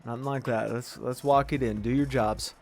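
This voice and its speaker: An excitable young man commentates a football video game, cheering and scolding the players on screen in loose slang. His voice sits in an ordinary middle register, with faint music playing behind him. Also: mid-range voice, moderate pace. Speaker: gaming commentator. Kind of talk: casual gameplay commentary.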